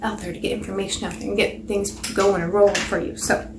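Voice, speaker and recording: A woman's voice: medium pitch, little pitch movement, fast talker. Chatty woman coaching on blogging, upbeat and rambly, echoey room with faint hum behind. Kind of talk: casual video tutorial. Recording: roomy echo, faint ambience.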